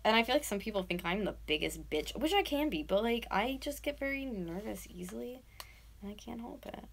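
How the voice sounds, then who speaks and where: Bright, gravelly young woman rambling. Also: medium pitch, a little fast, slight background noise. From North America. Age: 20s. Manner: rambling, filler-heavy, breaks into loud yelling to wake someone. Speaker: vlogger livestreaming. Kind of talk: casual livestream chat while doing art. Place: home at night.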